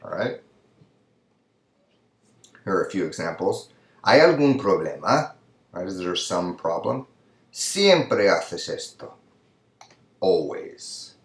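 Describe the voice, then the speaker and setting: A man with a very low voice gives a recorded lesson over slides, explaining step by step and often checking in with the listener. His voice rings in an echoey room. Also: sing-song, slow pace, long pauses. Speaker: Spanish teacher.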